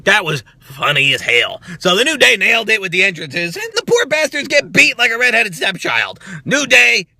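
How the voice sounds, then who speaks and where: A man hosting a wrestling reaction show, ranting loudly with profanity and mockery. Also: sing-song, normal speed, vocal fry, dry recording. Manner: loud, profane, mocking, with swings of pitch and volume. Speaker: wrestling review host.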